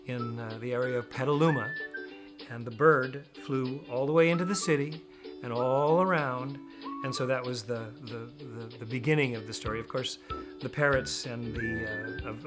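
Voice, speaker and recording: A man, a children's author and falconer, answering interview questions in a rambling way. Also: mid-range voice. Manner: rambling, with many restarts.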